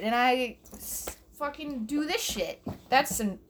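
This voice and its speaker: A woman's voice: sits high, animated, takes it slowly. A young woman doing a profane, rambling comedy rant alone in her bedroom, recorded on her phone, laughing at her own jokes. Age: young adult. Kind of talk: solo stand-up style rant.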